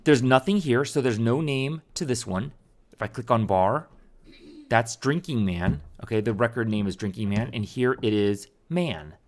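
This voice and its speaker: A man's voice: medium pitch, expressive, normal speed. A man teaching a programming tutorial over a screen recording, talking casually and thinking aloud with fillers and restarts.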